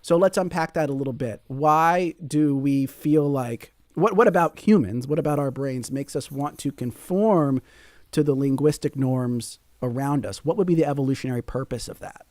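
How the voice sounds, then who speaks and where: A man's voice: medium pitch, moderate pace, a little mellow, no echo, clean studio sound. A man hosting a public radio call-in show, reading listener comments and asking his guest probing questions.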